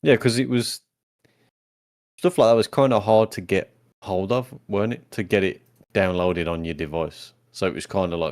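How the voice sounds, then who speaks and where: A young man with a very low voice talks in a laid-back, drawn-out way, cursing casually as he co-hosts a podcast. The sound is close and dry, with no room around it. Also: darkish tone, dry recording. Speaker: podcast co-host. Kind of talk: casual chat.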